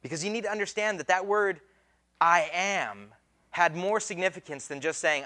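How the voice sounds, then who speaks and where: A man's voice: sits high, expressive, moderate pace, sharp tone. A man preaching a sermon as pastor, in a casual, conversational way with slang and acted-out quotes.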